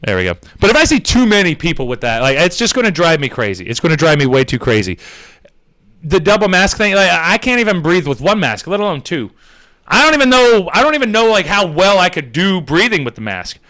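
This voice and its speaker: Sarcastic bright-voiced man ranting. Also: sits high, very animated, brisk. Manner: sarcastic, profane. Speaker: podcast host. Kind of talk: casual comedic rant.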